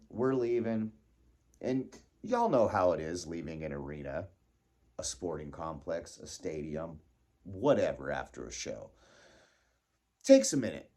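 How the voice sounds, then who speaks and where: A man telling a casual personal story, animated and laughing, acting out his own panicked thoughts. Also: low-pitched.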